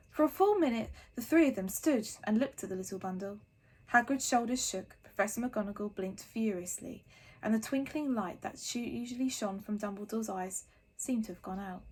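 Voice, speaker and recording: Husky-voiced woman reading a storybook. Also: mid-range voice. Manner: soft, hushed narration. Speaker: reader.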